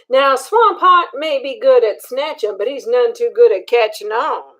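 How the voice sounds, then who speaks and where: An older woman reading a picture book aloud to children, animated and stopping to ask them questions. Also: fairly high pitch, moderate pace, few pauses. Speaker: storyteller.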